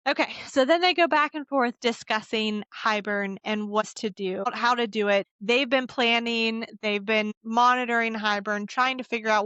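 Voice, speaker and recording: A woman's voice: fairly high pitch, a bit bright, dry recording, muffled recording. A woman hosting a podcast, recapping a book chapter in casual chat and musing aloud with open questions. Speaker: podcast host.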